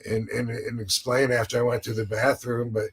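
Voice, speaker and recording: A man's voice: medium pitch, little pitch movement, a little fast, fairly bright tone, breathy edge. A man hosting a podcast, telling a rambling story full of restarts and acted-out quotes. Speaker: podcast host. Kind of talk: casual chat.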